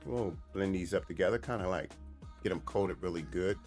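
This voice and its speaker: A man's voice: low voice, moderate pace, faint music behind. A man hosting his own cooking video, chatting casually and repeating himself while he shows the dish. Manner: relaxed, chatty, repeats and restarts phrases. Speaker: cooking show host.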